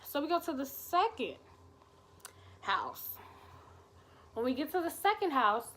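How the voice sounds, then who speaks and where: A young woman telling a story in a casual vlog, animated and expressive, swearing freely. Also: sits high, a little slow. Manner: animated, expressive and profane, with lots of "like" and exclamations. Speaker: vlogger.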